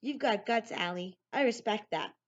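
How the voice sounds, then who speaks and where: A woman's voice: mid-range voice, normal speed, natural voice. A woman reading as a bold, friendly schoolgirl. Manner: bold, teasing. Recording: lo-fi recording.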